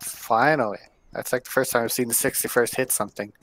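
A man on voice chat in an online game, calling out quick commands to his team. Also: medium pitch, steady tone, a bit bright, a little hiss or hum. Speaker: teammate on voice chat.

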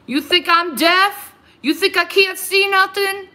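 A woman's voice: very high voice, measured pace, sharp tone. A woman ranting on a livestream, furious and profane, confronting her critics head-on. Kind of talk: angry livestream rant.

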